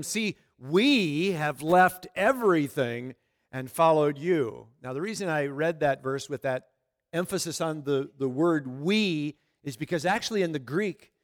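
A man's voice: fairly high pitch, long reverb tail. A man preaching a conversational sermon, often turning to ask the congregation questions. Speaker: pastor.

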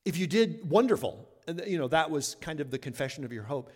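A man's voice: on the high side, expressive, a little fast, darkish tone. A man pastor preaching a sermon in an earnest, conversational way, leaning on words for emphasis. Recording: long reverb of a large hall.

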